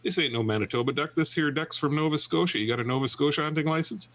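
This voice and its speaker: A man voicing a gruff, scornful game warden with a drawl in a spoken joke. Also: fairly high pitch, fast, fairly bright tone, voice pushed up.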